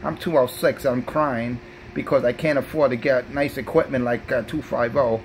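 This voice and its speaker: A man's voice: medium pitch, steady tone, normal speed, slight background noise, close to an everyday voice. A man putting on the voice of a whining, self-pitying crybaby on the radio.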